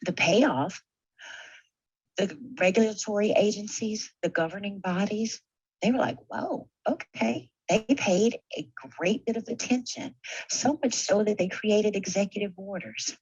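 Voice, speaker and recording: A woman's voice: medium pitch, measured pace, darkish tone, husky, no room sound, muffled recording. A woman who works as a simulation technologist gives a motivational conference talk. She speaks conversationally and stirs the audience with rhetorical questions.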